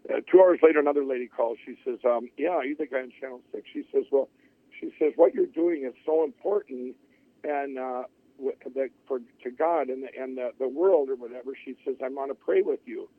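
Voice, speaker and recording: Speaking a little fast in a medium-pitched voice, a middle-aged interview guest narrates his life story. He rambles, restarts many times and acts out what others said, heard over tinny phone-line audio with no room sound.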